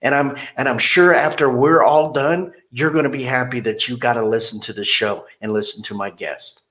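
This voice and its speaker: A man's voice: mid-range voice, normal speed, a bit bright. A man hosting a podcast, chatting casually and telling rambling, blunt stories. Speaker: podcast host. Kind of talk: casual interview chat.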